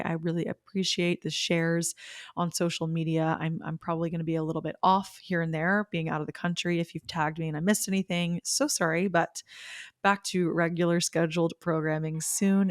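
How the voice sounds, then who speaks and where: A woman's voice: lowish voice, no room sound, studio quality. A young woman hosting her own podcast, casually telling a personal story in a bubbly, gushing way with bursts of laughter. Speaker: podcast host. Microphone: podcast microphone.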